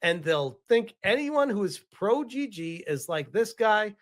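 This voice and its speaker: A man's voice: high voice, very animated, unhurried. A man commenting on a stream, dismissive and eye-rolling. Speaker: streamer in a played clip.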